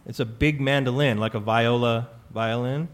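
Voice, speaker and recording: A man's voice: mid-range voice, fairly even intonation, normal speed. A man from California hosting a trivia show before a live audience, telling stories in a chatty, joking way with plenty of fillers. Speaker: quiz show host.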